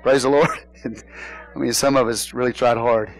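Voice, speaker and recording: A middle-aged man preaching a sermon as pastor, in a casual folksy way, asking his congregation questions and now and then shouting a point. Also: mid-range voice, fairly even intonation, a little slow, rough recording. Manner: casual folksy phrasing, bursts into shouted emphasis.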